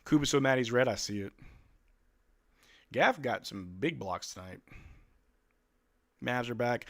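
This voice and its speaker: Young male fan streamer, bright, forward voice, emotional live play-by-play with chat banter. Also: medium pitch, lively intonation, unhurried, long pauses. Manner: emotional, calls plays while chatting with viewers. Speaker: fan streamer hosting a game watch-along.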